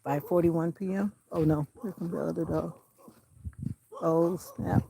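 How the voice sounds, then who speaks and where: Gravelly-voiced woman chatting on a walk. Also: on the low side, steady tone, measured pace. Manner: chatty, talks to her dog, firm sharp commands. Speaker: vlogger. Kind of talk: casual walking vlog commentary. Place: outdoors on a country road.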